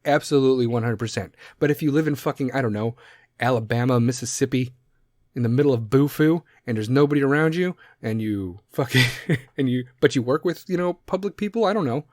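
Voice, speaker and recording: A man's voice: mid-range voice, a little fast, darkish tone, no echo, clean studio sound. A man hosting a solo podcast, talking bluntly and sarcastically and swearing constantly. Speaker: podcast host. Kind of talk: profane solo podcast rant.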